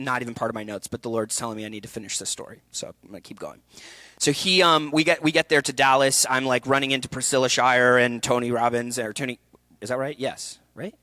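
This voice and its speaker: A young man speaking candidly at a festival talk, telling a personal story with energy and quick asides. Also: mid-range voice, dry recording. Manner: energetic, candid storytelling with laughs and acted quotes. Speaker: actor and speaker. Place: event hall.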